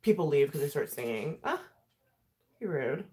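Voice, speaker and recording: A woman's voice: low voice, sing-song, normal speed, a little mellow. A woman vlogger chatting casually while doing her makeup, talking freely, laughing often and swearing. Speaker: beauty vlogger.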